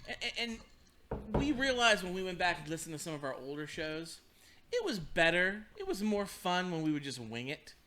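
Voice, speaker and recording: A man co-hosting a podcast, dropping quick wisecracks in casual banter. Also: high voice, big pitch swings, pushed and bright. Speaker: podcast co-host.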